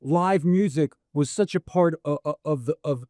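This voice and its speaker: A man moderates a panel Q&A at a book event, his voice sitting a little high. He talks bluntly and loosely, and he swears often. The sound is dry and close. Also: normal speed, mellow, dry recording. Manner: blunt, casual, swears freely. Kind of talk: live panel Q&A. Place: book event in a record store.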